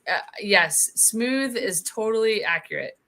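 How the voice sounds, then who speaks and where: A woman hosting a casual video chat, talking in a chatty, animated way. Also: medium pitch, creaky. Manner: chatty, animated, quick to laugh.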